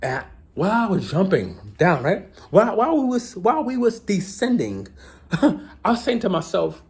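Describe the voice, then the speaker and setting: A man's voice: sits high, moderate pace. A man vlogging a casual storytelling monologue. He retells events dramatically and keeps asking "right?". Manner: animated, repeats "right?" often, dramatic retelling.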